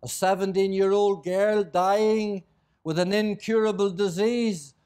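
A middle-aged male preacher from Northern Ireland, delivering an evangelical sermon and prayer in a solemn, measured way, with old-fashioned scripture phrasing. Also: sits high, steady tone, a little mellow, smooth. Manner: reads scripture in old King James phrasing, slow and solemn.

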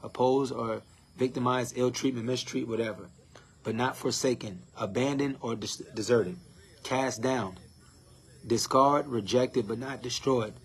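A man preaching a sermon, defining scripture word by word, firing questions at his listeners and mocking complainers in a higher voice. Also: unhurried. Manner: defines words one by one, asks the crowd questions, mimics complainers in a higher voice.

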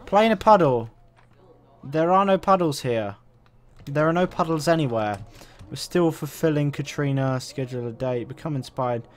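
A young man casually commentating his gameplay, swearing a lot, getting excited and reading game options aloud. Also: fairly high pitch, moderate pace. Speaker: let's play host.

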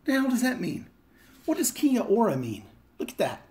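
A man's voice: very high-pitched, wildly swooping pitch, normal speed, darkish tone. A man chatting casually and profanely on a live stream, joking and rambling as he opens fan mail at home. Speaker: vlogger opening fan mail. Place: home in Las Vegas.

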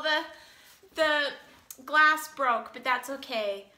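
A woman's voice: high-pitched, takes it slowly, sharp tone, reverberant, a little hiss or hum. A woman vlogger opening fan mail in casual chat, gushing and emotional, close to tears.

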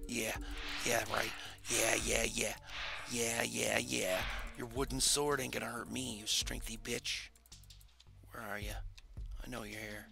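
A man's voice: mid-range voice, flat delivery, unhurried, gravelly, over music. A man playing a video game and commenting as he goes, taunting and cursing at his opponents, often in a muttered half-whisper. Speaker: gamer. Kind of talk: gameplay commentary.

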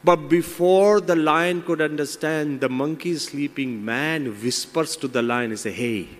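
A man's voice: a little high, measured pace. Man telling a moral fable in a hall. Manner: storytelling, moralizing asides. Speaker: monk and motivational speaker. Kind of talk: motivational talk with a told fable. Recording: long hall reverb.

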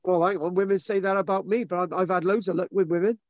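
A man's voice: sits high, fairly even intonation, fast, dry recording. A man hosting a live chat, teasing and rambling as he reads an article aloud. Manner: teasing, rambling, self-mocking. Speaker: host. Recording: dull lo-fi sound.

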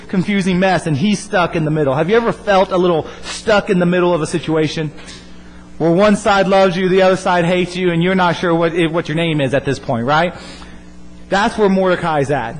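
A man preaching a youth sermon, retelling a Bible story in an animated way and acting out the characters. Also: high-pitched. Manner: animated, acts out characters' lines in quick voices. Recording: echoey hall with faint hum.

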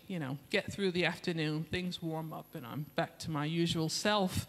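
A woman's voice: lowish voice, long reverb tail. A woman preaching as a guest speaker with an English accent, telling a confessional story from her own life and acting out the voices in it. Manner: confessional, animated storytelling with acted-out quotes. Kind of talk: sermon with personal story. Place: church hall.

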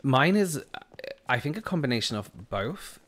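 A man's voice: medium pitch, very animated, moderate pace, a bit bright, slight background noise. A man with a southern English accent, chatting casually with his livestream audience, full of restarts and giggles. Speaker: gaming streamer reading chat.

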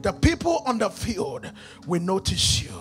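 High-pitched preacher shouting over music. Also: male voice, very animated, measured pace. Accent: Nigerian. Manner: call-and-response preaching, swings from hushed to shouting, sing-song cadence. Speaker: pastor. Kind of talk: preaching a sermon. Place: church.

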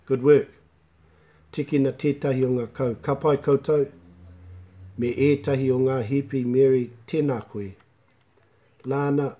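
A man teaching Māori in a relaxed live online class, mixing Māori words into chatty English and joking with viewers. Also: mid-range voice. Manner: laughs easily and jokes with viewers.

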